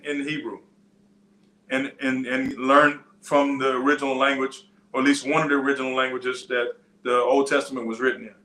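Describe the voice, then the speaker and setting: A man's voice: medium pitch, pushed and bright, reverberant, slight background noise. A man preaching a sermon in a loose, conversational teaching style, with frequent restarts and side stories. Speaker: pastor. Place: church.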